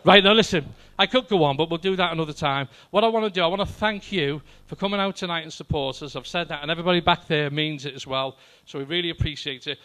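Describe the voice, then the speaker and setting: An older man on stage telling jokes to a live crowd, his voice sitting a little higher than most men's. He keeps it chatty and talks straight to the audience between punchlines. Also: quick pace, few pauses, bright, forceful tone. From Wales. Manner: chatty, addresses the audience directly. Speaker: amateur stand-up comedian. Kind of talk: stand-up joke telling. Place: library hall with live audience.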